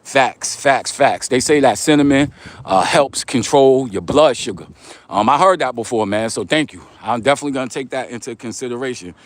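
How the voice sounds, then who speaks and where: A man's voice: medium pitch, moderate pace, no room sound. Middle-aged new york guy walking to the train, reading chat off his phone, easygoing street talk. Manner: laid-back, streetwise slang, reads comments aloud. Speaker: vlogger reading live chat. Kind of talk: casual livestream chat while walking.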